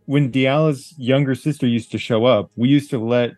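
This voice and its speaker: A man's voice: medium pitch, fairly even intonation, normal speed, darkish tone, no echo, studio quality, faint music behind. A man chatting casually as a player in a tabletop game.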